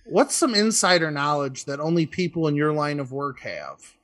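A man's voice: on the high side, very animated, normal speed, fairly bright tone. A man in casual conversation who asks questions and chimes in easily. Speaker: podcast co-host asking questions. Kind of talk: casual chat.

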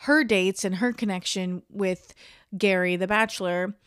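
A woman's voice: medium pitch, unhurried, a bit bright, clear, resonant tone, no room sound, studio quality. A young woman hosting a casual solo podcast, chatting and ranting in an opinionated, gossipy way. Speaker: podcast host.

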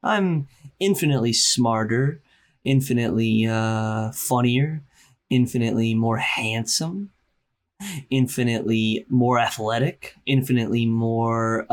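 Hushed, deadpan man doing a podcast intro. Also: medium pitch. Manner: quiet, deadpan, self-mocking bragging. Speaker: podcast co-host.

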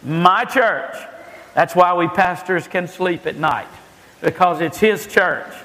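A man's voice: sits high, slow pace, bright, forceful tone, big-room sound, low-quality recording. A male pastor preaching a sermon emphatically, often restarting his phrases with stammered repeats.

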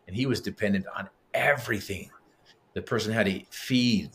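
Here a middle-aged man on a podcast relates a personal story in a fairly low voice at normal speed. His telling is conversational and lively, and he acts out each piece of quoted dialogue.

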